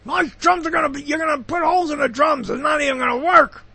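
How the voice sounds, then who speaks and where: A man acting out his furious father, yelling loud exclamations in a high, strained voice. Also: steady tone, fast talker, dry recording, full character voice. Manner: shouting exclamations. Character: angry loud father, older man, hates the store.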